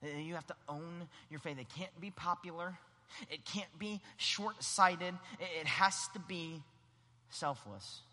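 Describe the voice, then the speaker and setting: A man preaching a sermon, animated and acting out the voices in the story. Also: a little high, takes it slowly, big-room sound. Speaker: pastor.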